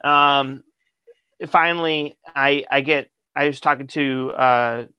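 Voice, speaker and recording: A man from Michigan, a metal band member, telling a story in a casual interview, animated and profane, acting out the dialogue. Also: medium pitch, slow, smooth, dry recording, lo-fi sound.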